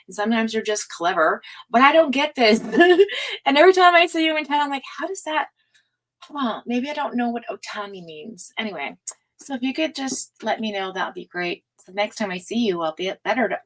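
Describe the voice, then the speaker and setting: A woman's voice: fairly high pitch, fairly bright tone, poor audio. A woman hosting a casual livestream, chatting with viewers, reading their comments aloud and laughing often. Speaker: tarot livestream host.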